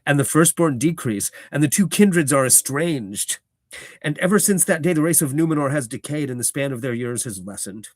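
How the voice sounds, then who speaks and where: A man's voice: mid-range voice, no room sound, clean studio sound, close to an everyday voice. A man doing Elrond, solemn ancient elf lord. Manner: slow, stately, elevated delivery.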